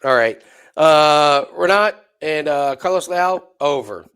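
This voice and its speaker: A man co-hosting a sports betting show, talking through fight picks in loose, rambling casual chat full of restarts and quick asides. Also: fairly high pitch, animated, a bit bright, clean tone. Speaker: betting podcast co-host.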